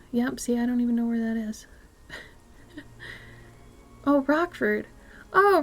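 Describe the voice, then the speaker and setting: Speaking in a high voice, a woman who makes art has a relaxed conversation with her stream audience, slipping into soft near-whispers and erupting into thrilled exclamations.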